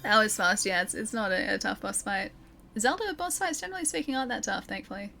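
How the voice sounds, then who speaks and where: A woman's voice: mid-range voice, fast talker, creaky, sharp tone. Giggly young woman streamer reading chat, game music going in the background. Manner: chatty, giggly, reads chat aloud. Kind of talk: casual gameplay commentary. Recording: game music playing behind.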